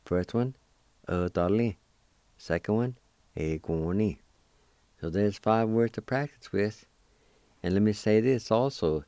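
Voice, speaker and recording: A man's voice: lowish voice, slow, long pauses, dark tone, smooth, dry recording. A man hosting a radio language lesson, patiently spelling words letter by letter and repeating each pronunciation for learners. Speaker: radio language teacher and host.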